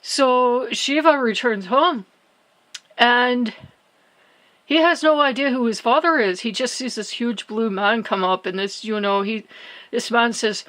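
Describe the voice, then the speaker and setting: A woman hosting her own spiritual channel, retelling a religious story in a halting way, full of fillers and restarts. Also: a little high, a bit bright, low-quality recording. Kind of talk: devotional storytelling vlog.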